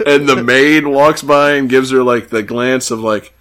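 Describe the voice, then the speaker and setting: A man's voice: mid-range voice, steady tone, a little slow, a bit bright, slight background noise. A man co-hosting a casual podcast, recapping a TV episode sarcastically, laughing often and acting out the characters' lines. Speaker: podcast co-host.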